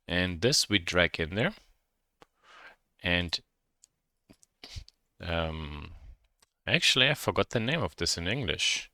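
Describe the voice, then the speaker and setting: Deep-voiced German-accented tutorial instructor. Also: male voice, pushed and bright, no echo, clean studio sound. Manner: thinks aloud, self-correcting. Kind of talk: software modeling tutorial.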